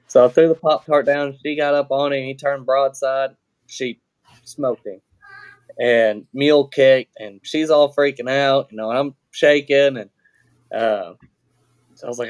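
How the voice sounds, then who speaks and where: A man guesting on a podcast tells a story at a relaxed, unhurried clip, his middle-pitched voice clear and resonant. He speaks plainly and rambles, with plenty of fillers and restarts and the occasional swear.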